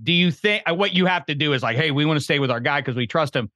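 A man co-hosting a casual sports talk show, lively and full of questions. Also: a little high, quick pace, no echo, studio quality.

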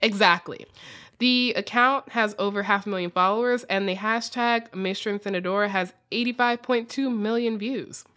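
A woman's voice: mid-range voice, fairly even intonation, moderate pace, pushed and bright. A woman with an American accent hosting a podcast, chatting casually, reading listener questions and often saying "like". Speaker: podcast host. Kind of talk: casual chat.

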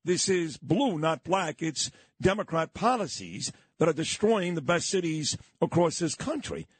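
Middle-aged talk radio host, emphatic, lively pitch swings, slightly husky, dry booth. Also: male voice, a little slow, dry recording.

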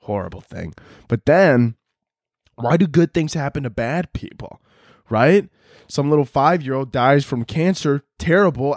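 Crude, rambling young man, a bit high. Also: dry recording, studio quality. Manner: crude, rambling, laughs often. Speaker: podcast host. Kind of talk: profane comedic monologue.

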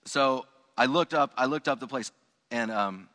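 Bright-voiced pastor in a reverberant hall. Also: male voice, medium pitch, normal speed. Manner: conversational, many restarts and asides to the congregation. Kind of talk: storytelling sermon. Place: church sanctuary.

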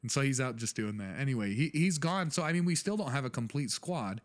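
A man's voice: medium pitch, lively intonation, brisk. A man hosting a soccer podcast in casual chat. He jokes, rambles and laughs often. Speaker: podcast host.

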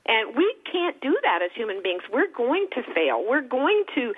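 A woman's voice: a little high, sing-song, moderate pace, slightly rough. A woman author telling an emotional personal story as a radio guest, calling in by phone. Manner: earnest, emotional storytelling with faith references. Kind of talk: radio interview on a phone line. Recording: tinny phone line.

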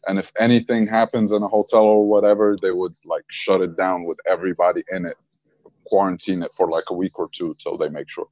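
A young man from Egypt talks loosely over a video call, his voice very low and steady. The sound is dry and close, with no room around it. He drops slang and laughs easily as he goes. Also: a little fast, no room sound, lo-fi sound. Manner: relaxed, laughs often, slangy. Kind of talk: casual chat.

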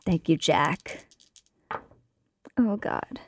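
A woman's voice: deep voice, expressive, drawn-out words, husky. A woman playing an improvised tabletop game, thinking her moves through aloud in a studio. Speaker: player. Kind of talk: improvised tabletop role-play. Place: production studio.

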